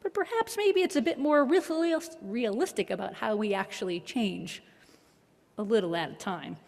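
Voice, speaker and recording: A woman's voice: a little high, animated, creaky. Woman preaching in a reverberant hall. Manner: reflective, measured, gently wry. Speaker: minister. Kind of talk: sermon. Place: worship hall.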